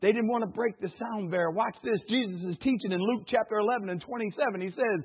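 A pastor preaching a sermon in call-and-response style, swinging between loud and hushed passages. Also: male voice, sits high, fast talker, husky. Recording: tinny phone-like recording.

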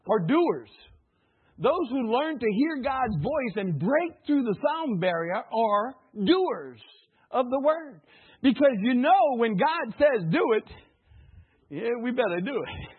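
A pastor preaching a sermon in call-and-response style, swinging between loud and hushed passages. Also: male voice, extremely high pitch, husky. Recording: tinny phone-like recording.

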